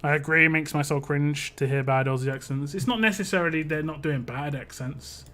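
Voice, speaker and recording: This is a man from the United Kingdom streaming a game and chatting loosely with viewers, wandering off topic and breaking into his own sentences. His fairly high voice is a little fast, bright and forceful.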